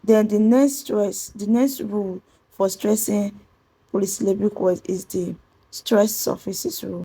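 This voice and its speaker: A woman teaches a pronunciation lesson, spelling out letters and repeating each rule slowly. Her voice is very husky and gravelly with a dark, mellow tone. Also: mid-range voice, rough recording. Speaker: English teacher.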